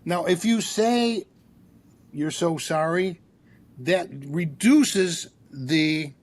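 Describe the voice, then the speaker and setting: Older guy therapist telling a story, acts out the lines, kinda high voice. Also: extremely slow. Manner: animated storyteller, acts out dialogue. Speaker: guest therapist. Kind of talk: storytelling in a podcast interview.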